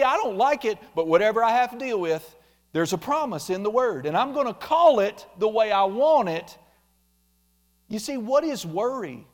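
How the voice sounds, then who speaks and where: A man preaching a sermon, animated, acting out quoted complaints in mocking voices. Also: high-pitched. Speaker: pastor.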